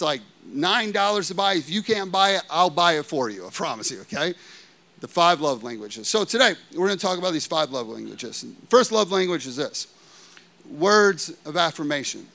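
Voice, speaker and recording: Man preaching, high voice, bright tone, chatty, questions the crowd, in his thirties. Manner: animated and conversational, keeps asking the congregation "okay?". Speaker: pastor. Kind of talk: sermon.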